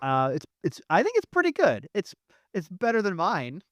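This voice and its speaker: A podcast panelist in casual chat, chatty and quick to laugh, hedging with "I think" along the way. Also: mid-range voice, wildly swooping pitch, a bit bright, dry recording, lo-fi sound.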